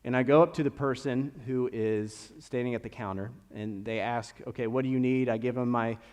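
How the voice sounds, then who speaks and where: This is a young preacher from Kentucky, slight accent and all, talking through a sermon in a conversational, storytelling way. Medium pitch, moderate pace, animated rises, and the long echo of a church hall surround him.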